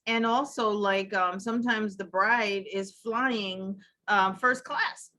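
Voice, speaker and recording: A woman's voice: medium pitch, fairly even intonation, slow pace, sharp tone. Woman host posing questions, teasing. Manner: asks questions, sets up scenarios, teasing. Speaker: talk show host. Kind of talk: casual chat.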